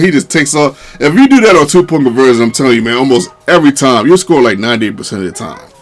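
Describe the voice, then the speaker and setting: A gaming commentator talks casually through a replay of his own game, speaking quickly with hardly a pause. He's animated, jumping up to a high pitch when he quotes himself, and his speech is loose and slangy with fillers like "man."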